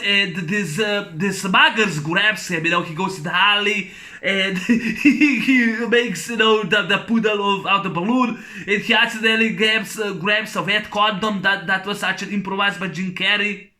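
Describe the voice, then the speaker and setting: A man with a high, bright voice talks through a film review in a loose, unscripted way. He stumbles over fillers and restarts and keeps breaking into laughter. His excitement about the scenes comes through clearly. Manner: rambling, halting, with many fillers and restarts; enthusiastic, laughing often while retelling scenes. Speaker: movie reviewer. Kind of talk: casual spoken film review.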